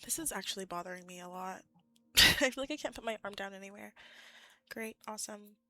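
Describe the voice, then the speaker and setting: A woman's voice: medium pitch, a little fast, bright, forceful tone, dry recording. A woman live-streaming and chatting casually with her viewers, giggly and often correcting herself.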